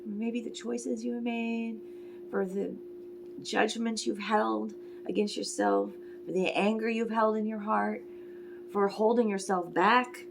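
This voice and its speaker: Woman, forties, oracle reader; soft, meandering delivery, gravelly edge, faint background noise. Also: mid-range voice. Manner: soft, emotional and meandering, with sighs and brief whispers. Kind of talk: spiritual reading monologue.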